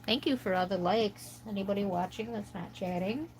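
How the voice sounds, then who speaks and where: A woman in the United States hosts a casual livestream from home, coloring as she chats and rambles to her viewers. She speaks at a moderate pace in a mid-range voice, and the audio is poor.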